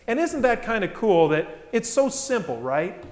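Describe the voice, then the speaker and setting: A man preaching a lively sermon to a congregation, full of rhetorical questions and acting out the voices of people in the stories. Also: sits high, normal speed. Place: church. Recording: echoey church hall.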